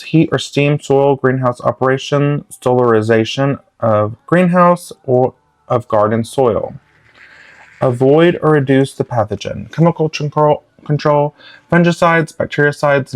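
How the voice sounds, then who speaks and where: Male gardening instructor, mid pitch, dry close recording, clipped list-reading delivery. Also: no room sound. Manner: reads terse bullet points in clipped fragments. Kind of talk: reading lecture slides aloud.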